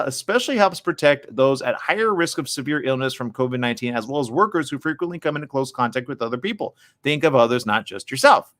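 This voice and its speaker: A man hosting a radio morning show, chatting casually with listeners and reading the news in a studio. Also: medium pitch. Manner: lively, chatty, quick asides.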